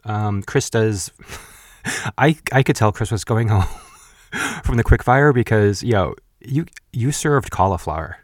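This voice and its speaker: A man's voice: lowish voice, lively intonation, measured pace, no room sound, clean studio sound. A man in his thirties hosting a podcast, casually recapping a cooking show, chatty with frequent laughs and blunt asides. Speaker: podcast host.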